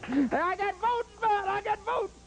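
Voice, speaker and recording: Stand-up guy at a club, real high voice swinging all over, jokey, keeps tripping on his words. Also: normal speed, background noise. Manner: animated, jokey, stammering restarts; banters with the crowd and waiter. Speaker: stand-up comedian. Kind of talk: stand-up comedy set. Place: comedy club stage.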